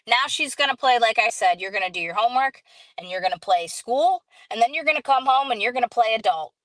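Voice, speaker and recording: A woman hosting a casual live stream, telling a story in an animated way, acting out quoted dialogue and greeting viewers as she goes. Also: medium pitch, dry recording, low-quality recording.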